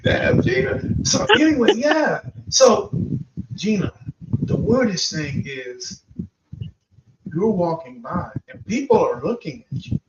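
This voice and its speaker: A man hosting a paranormal podcast, casually telling a guest an animated hypothetical story and often calling her by name. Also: fairly high pitch, slow pace, pauses often. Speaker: podcast host. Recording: roomy, distant, muffled live stream with noise.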